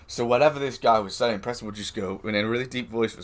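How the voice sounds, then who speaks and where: A man's voice: medium pitch, fast, few pauses. A man streaming live, telling a rambling anecdote with lots of swearing, laughing and quoted voices. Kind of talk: casual storytelling.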